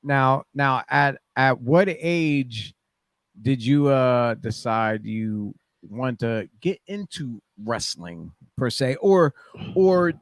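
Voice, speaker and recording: A man's voice: medium pitch, expressive, slow pace, dry recording. A man hosting a casual wrestling podcast, rambling with fillers and hyping guests like a ring announcer. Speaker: podcast host.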